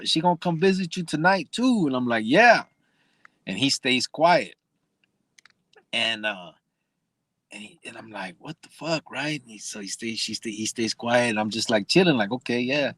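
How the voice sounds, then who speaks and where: A man's voice: on the low side, a bit bright, husky, no room sound. Joking, profane man telling prison stories. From Arizona. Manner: profane, joking, laughs often. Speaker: podcast host. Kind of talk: casual storytelling chat.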